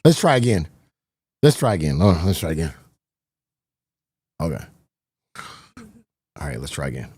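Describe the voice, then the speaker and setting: A man streaming live, chatting casually to his viewers, excitable and swearing often, repeating himself. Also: rumbling low, moderate pace, long pauses, slightly rough, no echo.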